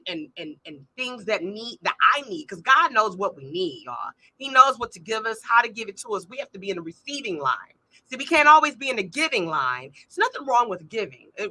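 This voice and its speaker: A middle-aged woman hosting a live-streamed motivational talk from a small room at home, animated and speaking straight to her audience with frequent asides. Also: fairly high pitch, no room sound. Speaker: podcast host. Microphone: phone or camera on a tripod.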